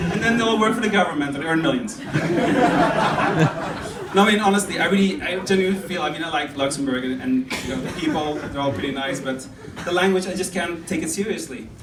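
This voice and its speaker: A young man performing a stand-up comedy set on a club stage, rambling and chatty, laughing at his own jokes. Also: on the high side. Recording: roomy club sound from a distance with crowd noise.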